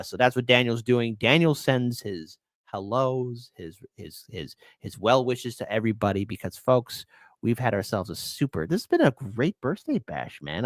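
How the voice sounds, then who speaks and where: A middle-aged man hosts a casual livestream, loose and joking as he shouts out his viewers. His voice sits at an ordinary pitch. The sound is close and dry, with little room around it. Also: no room sound. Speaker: livestream host.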